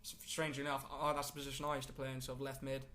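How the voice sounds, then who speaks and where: A man's voice: mid-range voice, completely flat delivery, very fast, sharp tone. A man co-hosting a casual football podcast, talking in a rambling way with many fillers. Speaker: podcast co-host.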